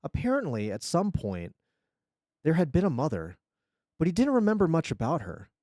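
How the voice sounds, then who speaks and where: A man streamer reading a scary story aloud in an expressive storytelling manner. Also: fairly high pitch, moderate pace, no room sound, clean studio sound.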